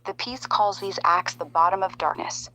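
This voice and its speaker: A woman reading out a summary in a measured, explanatory way. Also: mid-range voice, bright, forceful tone, slight background noise, poor audio. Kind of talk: read-out summary narration.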